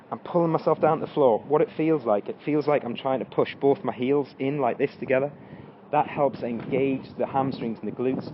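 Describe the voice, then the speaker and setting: This lo-fi clip, carrying a little hiss or hum, features a fitness coach with a mid-range voice. He explains squats while doing them for an exercise tutorial, straining through the reps.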